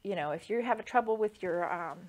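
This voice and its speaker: A woman's voice: medium pitch, brisk. A woman quilter chatting casually through a sewing demonstration, rambling with lots of fillers.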